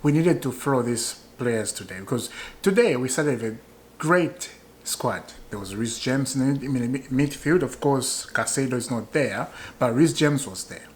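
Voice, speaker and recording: A man's voice: mid-range voice, lively intonation, moderate pace, a little hiss or hum. A man venting as a football fan in a casual vlog, annoyed, hammering points home by repeating them and asking viewers questions. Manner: rhetorical questions to viewers, chuckles often.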